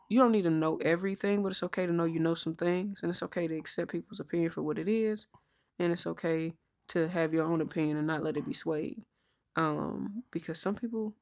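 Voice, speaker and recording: A woman of thirty co-hosting a podcast, telling stories in an outspoken, mostly even-toned casual chat. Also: lowish voice, creaky. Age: 30s. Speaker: podcast co-host.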